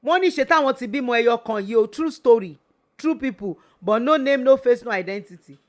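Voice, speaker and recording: Brief: middle-aged Nigerian woman, radio host, preachy and emphatic, fairly high voice. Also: expressive, fast talker. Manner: emphatic, switching between English and Yoruba, preachy. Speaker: radio talk show host and family therapist. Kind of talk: motivational talk on relationships.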